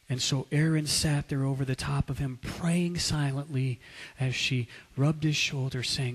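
A man preaching, telling a dramatic story in a slow, hushed delivery that rises into loud outbursts for quoted lines. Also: mid-range voice, rough recording. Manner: slow, hushed narration that swells into shouted quotes.

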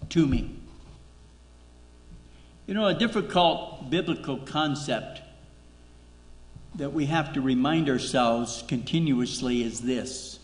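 A man's voice: a little high, fairly bright tone. A man preaching a sermon as pastor, emphatic, repeating key words and asking rhetorical questions. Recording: echoey hall reverb.

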